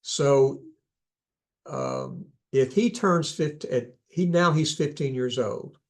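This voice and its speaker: A man's voice: medium pitch, big pitch swings, slow pace. A man who works as a clinician, giving a conversational talk to parents and adults, correcting himself often and adding asides. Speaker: speaker on ADHD, clinician. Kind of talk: casual lecture.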